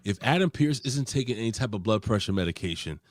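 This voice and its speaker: A man hosting a casual wrestling review show, recapping in a profane, rambling way. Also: fast talker. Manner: profane, rambling recaps with lively pitch swings. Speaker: host.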